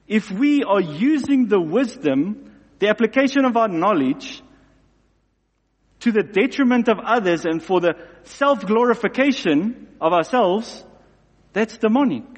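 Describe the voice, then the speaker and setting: A man preaching a sermon in an animated way, acting out both sides of everyday scenes. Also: high-pitched, slightly rough. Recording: long hall reverb.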